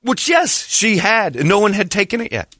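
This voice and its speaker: Animated storytelling man, bright voice. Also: moderate pace, no echo, studio quality. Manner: animated, acts out quotes with raised pitch. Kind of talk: casual storytelling chat.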